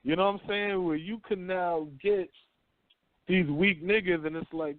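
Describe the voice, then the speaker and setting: A man hosting a talk radio show, telling stories in rough, profane street slang. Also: sits high, steady tone, normal speed, dry recording. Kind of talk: casual talk radio chat. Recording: dry phone-line call-in audio.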